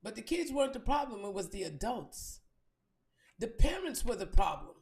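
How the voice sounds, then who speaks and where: A woman's voice: a little high, big pitch swings, normal speed, darkish tone. A woman telling a story in a blunt, profane and emphatic monologue as a podcast host. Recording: echoey room.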